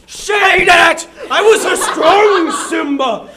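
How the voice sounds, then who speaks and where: A man's voice: very high-pitched, very animated, a little slow, a loud crowd, full character voice. A man doing a wailing aging macho man. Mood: melodramatic. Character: self-pitying aging macho man, lion-like. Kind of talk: comic poem performance.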